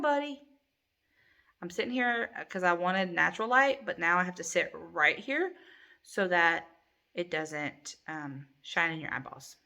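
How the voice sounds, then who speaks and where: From the living room of her home, a middle-aged crochet channel host rambles casually to the camera, um-ing often. Her pitch is fairly low and her tone comes across bright and forceful.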